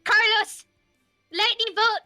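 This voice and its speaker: A woman voicing a frantic humanoid spellcaster in a tabletop game who yells the spell name over and over. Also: sits high, steady tone, a little slow, dry recording, faint music behind, full character voice. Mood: frantic shouting.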